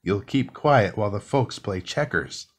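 A man's voice: on the low side, lively intonation, a little slow. A man voicing a bossy male ghost in a children's storybook reading, giving stern, roared commands. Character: bossy male ghost laying down house rules.

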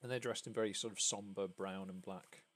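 A man's voice: lowish voice, fairly even intonation, normal speed, fairly bright tone. A man narrating a tabletop game as game master, describing scenes with many fillers.

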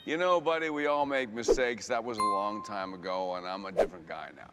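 An actor playing an easygoing aging male TV star at a convention panel, answering calmly. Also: lowish voice, fairly quick, long reverb tail, over loud music, natural voice. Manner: relaxed, calm answers. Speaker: panel guest. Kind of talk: comedy film acting. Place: large convention hall.

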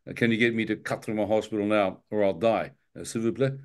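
A man's voice: fairly low pitch, fast, clear, resonant tone. Man telling a dramatic life story. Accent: New Zealand. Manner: animated storyteller, acts out dialogue, laughs often. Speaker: guest telling his testimony. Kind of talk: spoken testimony storytelling.

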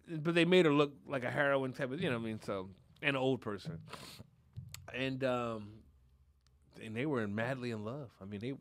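A man hosting a podcast in casual chat, telling animated stories full of cursing and laughter. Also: a little high. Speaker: podcast host.

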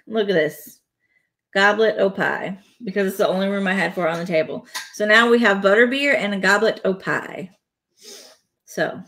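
A woman's voice: mid-range voice, a bit bright. A woman chatting playfully on a live stream from home, laughing between remarks as she builds a toy set. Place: home, indoors.

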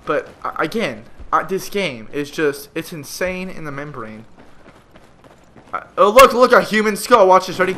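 Young guy raging over a game on his headset, high bright voice, a little background hum. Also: expressive, moderate pace, pauses often. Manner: frustrated, exasperated ranting with sudden loud outbursts. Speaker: gamer. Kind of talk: gameplay commentary rant.

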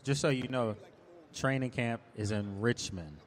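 A man's voice: mid-range voice, measured pace. A man hosting a live sports talk event in a shopping mall, speaking loosely with many restarts while running a prize drawing. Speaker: sports analyst and host.

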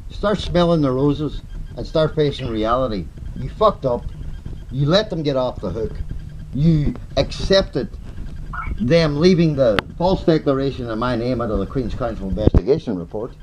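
Brief: furious New man in a heated confrontation, swearing, pressing accusations, mid-range pitch. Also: lively intonation, moderate pace, a little mellow, slight background noise. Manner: angry, accusing, swearing, repeating questions. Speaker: complainant confronting his advocate.

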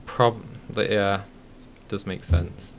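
A man's voice: on the low side, fairly even intonation, slow, noisy background. A man hosting a casual live-streamed podcast, talking with many ums and restarts. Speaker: podcast host.

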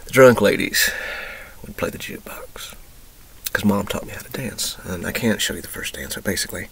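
A man from Texas talking through his memories in a rambling personal monologue, emotional and profane, drifting from loud outbursts into whispers. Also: low-pitched, brisk, gravelly, slightly rough, rough recording. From Texas, USA. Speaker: vlogger.

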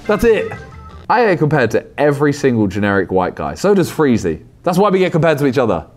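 A man's voice: on the high side, sing-song, fast, faint music behind. A young man, reacting to fan posts in casual commentary, teasing and self-mocking.

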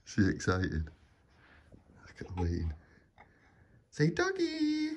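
A woman talking to her baby in a high, giggly, coaxing sing-song. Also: huge pitch swings, takes it slowly, long pauses, darkish tone. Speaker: parent filming her baby.

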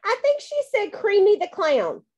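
Storybook role: unimpressed costumed girl, high and matter-of-fact, read by a woman. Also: wildly swooping pitch, unhurried, heavily acted. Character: unimpressed young girl dressed as a princess.

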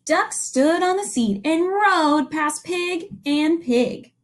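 A woman's voice: very high-pitched, takes it slowly. A young woman teacher reading a picture book aloud to children and asking them questions along the way. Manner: animated storytelling with questions to young listeners.

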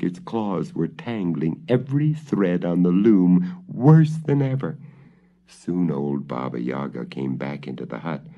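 Brief: dramatic male storyteller, slow and expressive, warm low tone, lo-fi. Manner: theatrical, slow, relishing. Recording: dull lo-fi old recording.

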